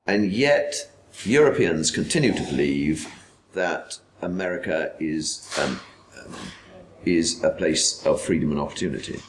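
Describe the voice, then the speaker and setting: A man gives commentary in a documentary interview. He talks slowly and deliberately in a low voice, pausing and hesitating often, over faint background noise. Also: lively intonation, rough recording. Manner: slow and measured, with many hesitations.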